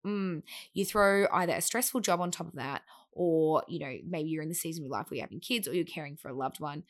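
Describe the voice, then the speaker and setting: A woman in her thirties, a fat-loss coach and podcast host, talking through a casual monologue in a chatty, animated way that acts out quoted remarks. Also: deep voice, fast.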